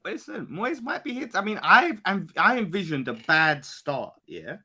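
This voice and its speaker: A man, an animated football fan pundit who swears and rants in casual podcast banter. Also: high-pitched, unhurried, husky. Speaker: West Ham fan pundit.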